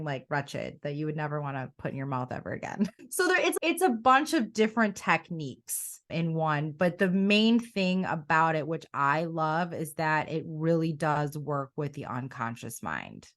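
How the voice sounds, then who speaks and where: A middle-aged woman coach in a conversational interview, telling her story in an animated way and often quoting her own past thoughts. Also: low-pitched. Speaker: coach and academy founder.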